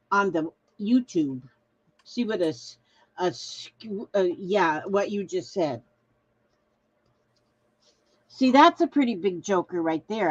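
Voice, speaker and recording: Slow, lively-voiced chatty woman host. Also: medium pitch, dull audio. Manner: rambling, chatty, reads viewer comments aloud. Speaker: craft livestream host. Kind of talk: casual live-stream chat.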